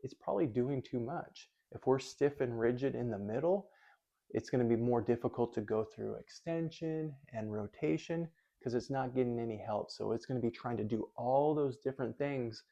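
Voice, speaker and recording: A man explaining his work as a physical therapist in a calm, methodical lesson, thinking aloud as he goes. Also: medium pitch, normal speed, vocal fry, highs cut off.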